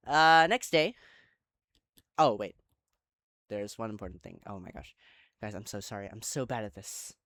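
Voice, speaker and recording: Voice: medium pitch, fairly bright tone, no room sound, studio quality. A channel host casually retelling an online roleplay, rambling and correcting themselves, with chatty asides to viewers.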